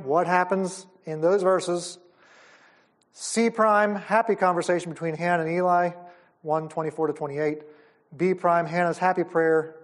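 High-voiced enthusiastic male Bible teacher. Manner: enthusiastic, explaining step by step. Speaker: Bible conference speaker. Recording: audio of a live talk.

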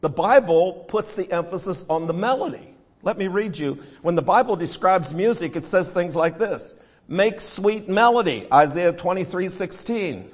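A man's voice: high-pitched, normal speed, hardly any pauses. A man with an American accent preaching a sermon, reading scripture and talking through hymns. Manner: singing hymn lines between teaching; reads scripture aloud.

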